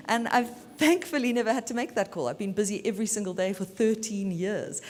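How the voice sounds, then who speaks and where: A woman from South Africa giving a brisk, chatty and self-assured talk as a media lawyer at a conference. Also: darkish tone. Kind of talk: keynote talk. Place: conference hall. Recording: reverberant hall, faint rumble.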